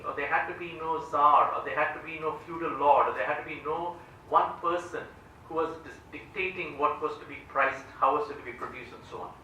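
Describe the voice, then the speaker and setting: A man from India gives a public economics lecture, standing before an audience in a large hall and explaining step by step while often asking "right?". His voice is on the high side and sharp, picked up from far off in a very echoey hall with a little hiss or hum.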